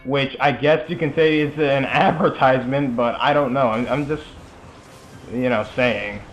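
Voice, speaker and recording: A man's voice: medium pitch, normal speed, soft background music. A young man giving casual, rambling commentary over a video game, full of chatty asides and fillers. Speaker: let's play commentator.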